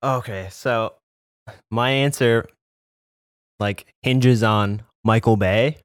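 Panelist, male, slow and rambling, dry close sound. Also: medium pitch, clear, resonant tone, no echo. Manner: rambling, heavy on filler words. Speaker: podcast panelist. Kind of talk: casual chat.

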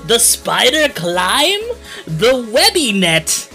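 A game master voicing an excitable masked male robber who issues challenges in a raised, showy voice. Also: medium pitch, very slow, creaky, soft background music, pitched above the performer's own voice, exaggerated voice. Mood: taunting.

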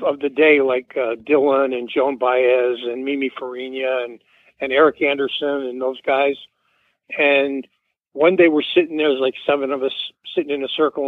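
A man's voice: mid-range voice, no echo. A man in his seventies calling in as a radio guest, telling a loose, rambling story full of fillers and restarts. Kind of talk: rambling anecdote on a radio call-in. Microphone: phone call. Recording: tinny phone line on radio.

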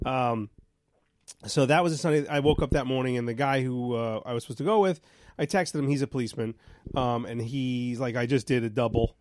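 A man's voice: mid-range voice, a little fast, a little mellow, no echo. A man co-hosting a podcast in casual chat, recovering from a cold, telling stories with many filler words. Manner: rambling storyteller with filler words. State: getting over a cold. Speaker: podcast co-host.

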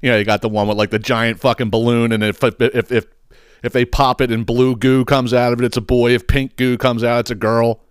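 A man's voice: mid-range voice, level tone, a little fast, clear, resonant tone, dry recording, clean studio sound. A man hosting a podcast, ranting in a casual comedic way. He swears freely and laughs at his own stories. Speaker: podcast host.

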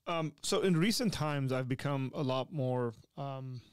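A man's voice: mid-range voice, unhurried, clean tone, no room sound. A man hosting a podcast in casual conversation, hesitant with many fillers and restarts. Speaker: podcast host.

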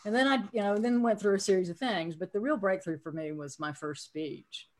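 A middle-aged woman with a Southern US drawl, speaking at an ordinary pitch for a woman. She tells her career story frankly and with self-deprecating humor, in relaxed podcast chat. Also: a little fast. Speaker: podcast guest.

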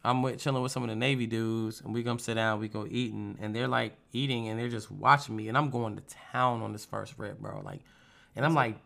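A young man tells stories in casual, profane chat. His voice is gravelly with a bright, forceful edge. He acts out the lines of the people in his stories with animated energy. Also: lowish voice, a little fast. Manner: animated, profane storytelling with lively put-on quotes.

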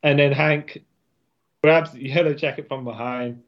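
A man in casual chat, excitable, laughing a lot and acting out characters' lines. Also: medium pitch, measured pace, highs cut off. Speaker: podcast co-host.

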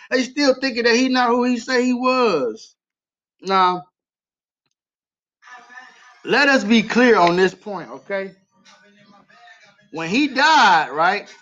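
High-voiced impassioned preacher man. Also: fairly bright tone, muffled recording. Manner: impassioned, repetitive preaching in vernacular English. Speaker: livestream preacher. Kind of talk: sermon.

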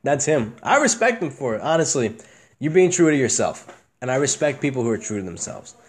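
A young man hosting a casual podcast, talking candidly and profanely, swinging between a flat monotone and excited bursts. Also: medium pitch, brisk. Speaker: podcast host.

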